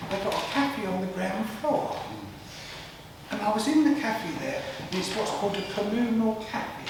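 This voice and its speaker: Bloke doing a cheeky music hall bit, far off mic, big echoey hall, lots of crowd noise. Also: male voice, sits high, moderate pace. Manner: cheeky, bantering with the audience, sings snatches. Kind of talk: music hall comic monologue. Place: theatre stage, live audience.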